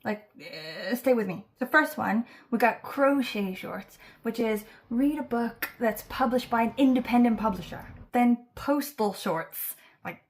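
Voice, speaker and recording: A woman's voice: fairly high pitch, lively intonation, a little slow, few pauses. A woman hosting a book channel, talking casually to camera with lots of fillers and playful asides. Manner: chatty, many fillers, playful and self-teasing. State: fighting back tears. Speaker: booktube host announcing a reading challenge.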